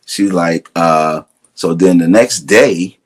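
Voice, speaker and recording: With a low, breathy-edged voice and a slow pace, a middle-aged Brooklyn native tells stories as a guest in a casual interview. The drummer has a Brooklyn New York accent and a relaxed style, acting out quoted lines and laughing often.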